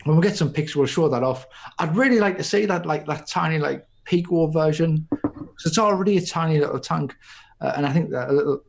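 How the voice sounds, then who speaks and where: A man's voice: fairly high pitch, fairly quick, gravelly, noisy background. A man co-hosting a podcast, chatting casually and rambling with many restarts. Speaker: podcast co-host. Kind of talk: casual chat.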